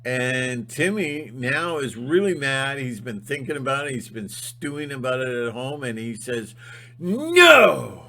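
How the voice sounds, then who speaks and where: A man giving a rambling spiritual monologue, halting and restarting often. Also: mid-range voice, bright, forceful tone. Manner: halting, full of fillers and restarts. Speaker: channel host.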